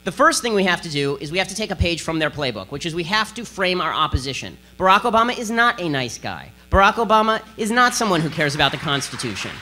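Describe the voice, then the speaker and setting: A man giving a combative, sarcastic political speech to an audience, talking in a rapid-fire way. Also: high-pitched, big pitch swings, bright, forceful tone, slight background noise. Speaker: political speaker giving a lecture.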